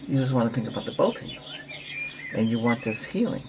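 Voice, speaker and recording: Rambling, gently coaching man, birdsong behind. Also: mid-range voice, animated, fast talker, noisy background. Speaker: Reiki practitioner. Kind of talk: relaxation talk with breathing guidance.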